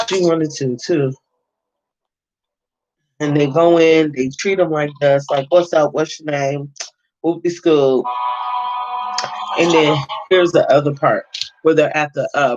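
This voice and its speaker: A man's voice: fairly high pitch, unhurried, pauses often, dull audio. A man giving a casual, slangy movie review, rambling and swearing freely with lots of fillers.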